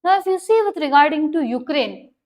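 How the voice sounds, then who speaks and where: A woman's voice: high voice, lively intonation, brisk, darkish tone, rough recording. A woman explaining current affairs as a teacher, stressing key words and often checking if listeners follow.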